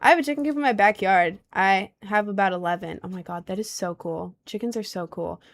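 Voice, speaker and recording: A young woman with a low voice, chatting casually on a livestream and reading out comments, playful and giggly. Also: fairly quick. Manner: playful and giggly, with sudden squeaky bursts.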